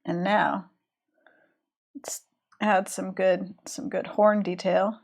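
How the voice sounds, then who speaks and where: Southern American woman streamer, relaxed, chatty, trails off while she concentrates on drawing. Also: mid-range voice, takes it slowly, gravelly. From Southern United States. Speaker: streaming illustrator.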